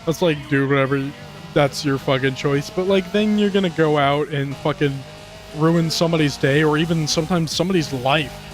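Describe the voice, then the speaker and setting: A gaming commentator with a somewhat high male voice talks at normal speed over a racing game, launching into animated, rambling rants full of profanity and hopping between topics. Behind him, faint game music and car engines can be heard.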